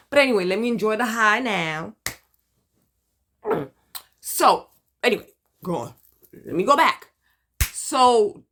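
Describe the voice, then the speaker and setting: A middle-aged woman from Brooklyn with a Brooklyn accent, chatting in a candid video diary, animated and dramatic, hyper and talkative. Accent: Brooklyn, New York. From Brooklyn, New York. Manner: animated, dramatic, with emphatic swings in pitch and loudness. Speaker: vlogger sharing her cancer journey.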